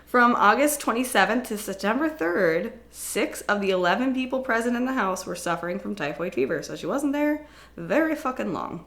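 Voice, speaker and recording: A woman's voice: on the high side, animated, fairly bright tone. A woman co-hosting a podcast, casually retelling a history story with frequent swearing and laughter. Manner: chatty and profane, laughs often, jumps into quick silly voices. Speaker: podcast co-host.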